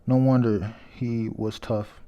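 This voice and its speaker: A dry, matter-of-fact swordsman, read by a man, slow and level. He sounds unimpressed. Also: mid-range voice, flat delivery, highs cut off, close to an everyday voice.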